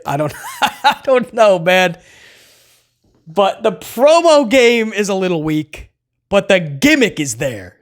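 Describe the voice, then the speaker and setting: A man hosting a wrestling recap show, talking loosely and chattily to viewers and often tossing in "man". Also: high voice. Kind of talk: casual solo recap commentary.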